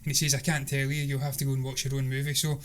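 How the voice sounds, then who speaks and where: Bright-voiced man, eager film chat. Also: medium pitch, monotone, rapid-fire, slight background noise. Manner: enthusiastic, talkative, laughs often. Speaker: film review podcast co-host. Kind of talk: casual chat.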